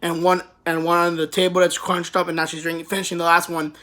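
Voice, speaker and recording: A woman's voice: lowish voice, flat delivery, quick pace, fairly bright tone. Woman vlogger, rambling anime recap, swears freely and laughs often. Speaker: anime reviewer. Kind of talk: casual anime review.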